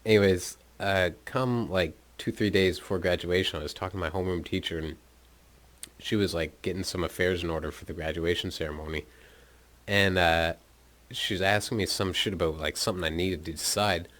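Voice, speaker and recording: A man's voice: deep voice, fairly even intonation, brisk, fairly bright tone. A young man casually telling a rambling, profane story about his school days, often laughing as he talks. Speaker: podcast host telling his life story.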